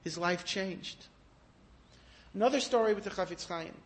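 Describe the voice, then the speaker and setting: A man giving a sermon, telling stories in an animated way that rises to emphatic peaks. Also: sits high, normal speed. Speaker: rabbi giving a talk. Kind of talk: storytelling sermon.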